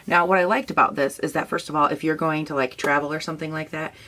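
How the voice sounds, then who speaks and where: A young woman with a low, sleepy morning voice talks through new makeup products for her channel. She rambles casually, trailing off and restarting as she shows each item. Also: steady tone, fast talker, noisy background. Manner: chatty, rambling, tired morning voice. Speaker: beauty vlogger. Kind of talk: casual product review vlog.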